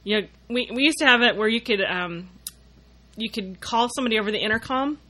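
Brief: woman, somewhat high bright voice, chatty and amused co-host. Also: fairly quick. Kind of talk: casual chat.

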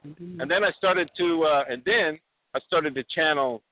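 A man's voice: fairly high pitch, measured pace, dry recording. A man calling in and rambling through a boastful story with lots of fillers. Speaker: caller. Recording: tinny phone line, dry.

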